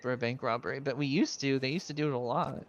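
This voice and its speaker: A man's voice: mid-range voice, quick pace, muffled recording. A man in a casual roleplay chat, training a new recruit as sheriff, rambling through stories, laughing often and swearing casually. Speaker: streamer playing a sheriff.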